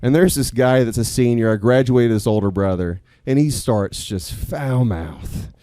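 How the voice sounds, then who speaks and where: Guy telling a teaching story on stage, mellow dark voice, dry sound, gets lively. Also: medium pitch, measured pace, hardly any pauses, no echo. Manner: animated, swears when quoting students, earnest at close. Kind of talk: personal story told live on stage. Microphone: stage microphone.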